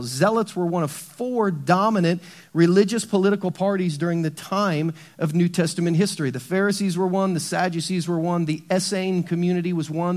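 A middle-aged man preaching a sermon in a church, swinging between hushed low emphasis and loud bursts. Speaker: pastor.

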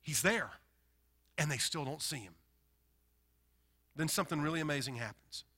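A man from the Deep South with a Southern accent, preaching a sermon in an animated, emphatic way, swinging between loud bursts and quiet stretches. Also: normal speed. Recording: long hall reverb.

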